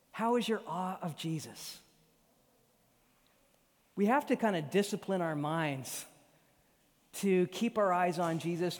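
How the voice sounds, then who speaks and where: A male pastor preaching a sermon on a Sunday morning, emphatic and rhythmic, building through repeated phrases. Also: high-pitched. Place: church sanctuary. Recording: long hall reverb.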